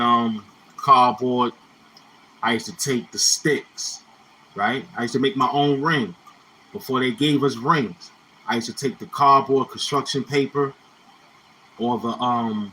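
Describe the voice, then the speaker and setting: A man's voice: medium pitch, fairly even intonation, a little slow, sharp tone, slight background noise, rough recording. A man telling rambling, slang-heavy stories from his youth in a casual monologue, repeating phrases as he reminisces. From Brownsville, Brooklyn, New York. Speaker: YouTuber.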